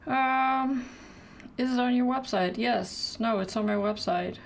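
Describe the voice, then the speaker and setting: A woman's voice: on the high side, unhurried, vocal fry, slight background noise. A woman chatting casually during a live painting stream, thinking aloud and answering questions from the chat.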